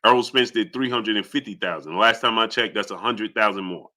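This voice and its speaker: A young adult man hosting a live boxing stream, arguing heatedly with chat and climbing in pitch as he gets indignant. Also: a little fast, pushed and bright. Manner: heated, argumentative, rising pitch when indignant. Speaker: boxing channel host.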